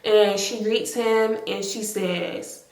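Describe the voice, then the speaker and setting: A young adult woman vlogger tells her viewers a personal story in casual storytime style, speaking directly to them and saying "like" constantly. Her mid-range voice is slow, a little mellow, and fairly even in intonation. The room she's in is echoey.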